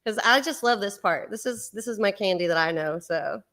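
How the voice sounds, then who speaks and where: Excited woman hosting a stream, chatty, lots of um and you know. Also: mid-range voice, fairly quick. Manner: excited, chatty, many fillers. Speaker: host. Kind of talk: casual live-stream chat.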